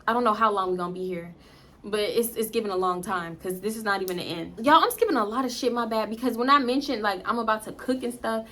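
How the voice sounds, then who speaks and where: A woman vlogger telling a storytime to her viewers in an animated, blunt and profane manner, speaking straight to the audience. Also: mid-range voice, fast talker, a little hiss or hum. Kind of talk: casual storytime vlog.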